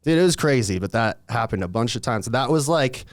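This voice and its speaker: A man's voice: medium pitch, lively intonation, a little fast, no echo. A young man telling a story in a laid-back, rambling way, with lots of filler words and swearing. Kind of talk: casual storytelling.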